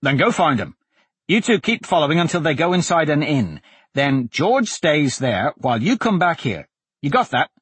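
A man's voice: a little high, sing-song, moderate pace, slightly rough, no echo, pitched above the performer's own voice. Blaze, a man doing a brash joking swordsman. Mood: teasing. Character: brash restless young swordsman, joking and impatient.

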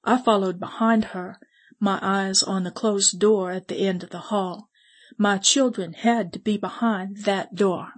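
A woman's voice: mid-range voice, husky. Woman narrating a western audiobook. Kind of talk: scripted first-person narration.

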